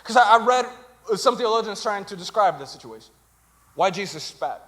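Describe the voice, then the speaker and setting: A man's voice: sits high, normal speed. A young man preaching a comedic sermon, telling stories animatedly and acting out other people's voices. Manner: animated storytelling with acted-out voices. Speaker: pastor. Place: church stage.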